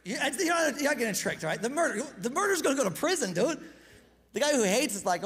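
A pastor giving a casual, conversational sermon, energetic and self-deprecating, often repeating words as he gets going. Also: very high-pitched, quick pace. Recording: reverberant hall.

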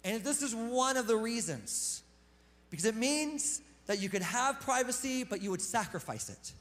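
High-voiced casual preacher man in a hall. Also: animated, normal speed, a bit bright. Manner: casual, conversational preaching with slang and self-deprecating asides. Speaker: pastor. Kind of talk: sermon.

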